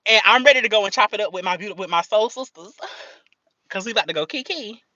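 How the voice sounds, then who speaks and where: A woman's voice: mid-range voice, quick pace, pushed and bright, dry recording. A woman hosting a casual livestream, playful and slangy, laughing often as she chats to her viewers. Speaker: livestream host. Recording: dull lo-fi stream audio.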